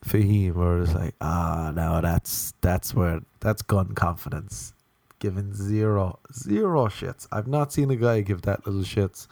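Low-voiced Irish man telling comic stories. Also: dry recording. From Ireland. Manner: swearing, rambling, animated storytelling. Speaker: comedian. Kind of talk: casual comic storytelling.

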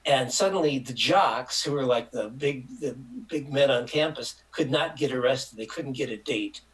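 A man's voice: mid-range voice, moderate pace, low-quality recording. An older man from Michigan telling a long, rambling story as an interview guest, acting out the voices of people in it. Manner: rambling, animated, acts out quotes. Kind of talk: casual anecdotal storytelling.

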